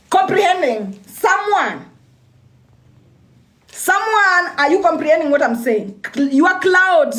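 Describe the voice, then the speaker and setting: A woman's voice: sits high, a bit bright. A young woman giving a motivational talk on a livestream, repeating lines for emphasis and often restarting her sentences. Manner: repetitive and emphatic, with frequent restarts. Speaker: motivational speaker.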